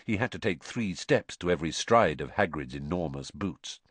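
A man reading an audiobook in an animated storytelling manner. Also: sits low, normal speed, husky, no room sound. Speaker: audiobook narrator. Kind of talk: scripted narration.

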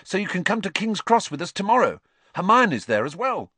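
A man voicing a cheeky, joking teenage boy who talks in quick, teasing, excitable bursts. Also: high-pitched, no room sound, voice pushed up, full character voice.

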